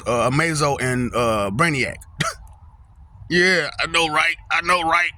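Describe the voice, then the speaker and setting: A man's voice: fairly high pitch, bright, forceful tone. A young man talking casually to his viewers outdoors, rambling, laughing often and repeating "you know what I'm saying". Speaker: vlogger. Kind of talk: casual monologue to camera. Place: outdoors, windy.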